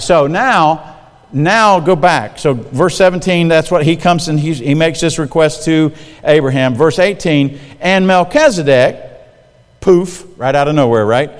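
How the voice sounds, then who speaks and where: Male preacher, fairly high voice, lively, talks to the room, long hall reverb. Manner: animated, talks straight to the audience with questions. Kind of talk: sermon.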